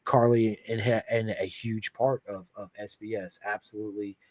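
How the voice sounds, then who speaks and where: Excitable, emotional man hosting a podcast. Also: on the low side, moderate pace, dry recording. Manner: emotional, excitable, swears casually. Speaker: podcast host. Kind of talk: casual chat, reading viewer comments.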